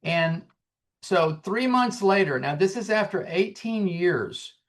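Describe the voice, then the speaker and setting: A man in his sixties, a singer-songwriter guest, telling his story in an earnest, animated way and acting out the dialogue. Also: sits high, takes it slowly. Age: 60s. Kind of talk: casual storytelling.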